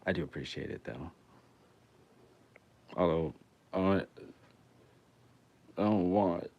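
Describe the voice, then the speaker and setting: A man's voice: low voice, slow, vocal fry, highs cut off. A young man, a musician talking to his viewers in a rambling, crude and joking livestream chat. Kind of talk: casual livestream banter.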